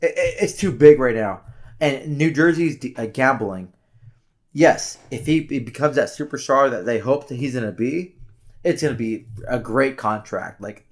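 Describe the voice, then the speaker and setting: A man co-hosting a sports podcast in casual chat, rambling with many restarts and fillers and catching his own swearing. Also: medium pitch. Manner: candid, self-correcting swears. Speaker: podcast co-host.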